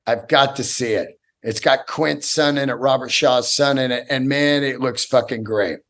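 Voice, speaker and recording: A man in his fifties, a stand-up comedian hosting his own podcast, telling stories in an excitable, profane, rambling way with many restarts. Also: mid-range voice, normal speed. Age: 50s. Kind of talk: casual solo podcast storytelling.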